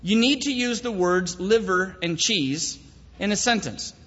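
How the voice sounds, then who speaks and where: Prim, dismissive female poodle, put on by a male preacher, higher pitch, dull hall sound. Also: a little slow, a bit bright. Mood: choosy. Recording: dull echoey hall recording.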